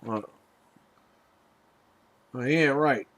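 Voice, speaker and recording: A man's voice: mid-range voice, very slow, a bit bright. A man hosting a casual podcast, telling an exasperated, profanity-laced story in a ranting chat. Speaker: podcast host.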